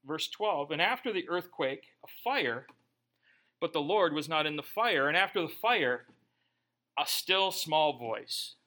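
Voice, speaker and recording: A man's voice: on the high side, expressive, moderate pace, bright, forceful tone. A man preaching a sermon in a conversational way, with joking asides. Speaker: pastor.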